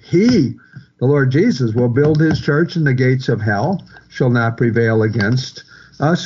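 A man's voice: mid-range voice, lively intonation, unhurried, a little mellow, a little hiss or hum. A man preaching an expository sermon verse by verse, earnest and repetitive, often restarting phrases for emphasis. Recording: muffled lo-fi recording.

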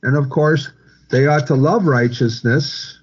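A man preaching a sermon, quoting and repeating scripture in a measured, earnest way. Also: a little high, steady tone, breathy edge, dull audio. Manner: slow, repetitive preaching with scripture quotes.

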